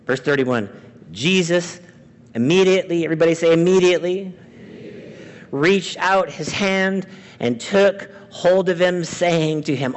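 A man preaching a sermon as pastor, swinging between loud emphatic lines and hushed quiet ones. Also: high voice, a little slow. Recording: long reverb of a large hall.

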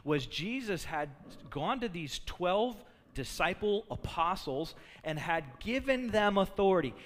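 Pastor guy preaching, kinda high voice, gets really animated telling the story, big echoey hall. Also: measured pace. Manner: animated storytelling, acting out quotes. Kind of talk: sermon. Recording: long reverb of a large hall.

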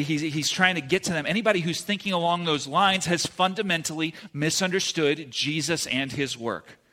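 A young man preaching a sermon in a casual, conversational way, often checking in with his listeners with a quick "right?". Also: fairly high pitch, sharp tone.

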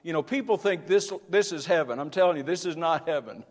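Man, pastor, sermon, earnest and building force, slightly high voice, reverberant church hall. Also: expressive, a little fast. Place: church sanctuary.

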